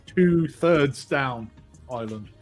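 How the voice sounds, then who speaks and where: A man's voice: medium pitch, lively intonation, slow, faint music behind. A man from Scotland with a Scottish accent, chatting casually in a group in a matter-of-fact way. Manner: matter-of-fact, coos fondly to his dog.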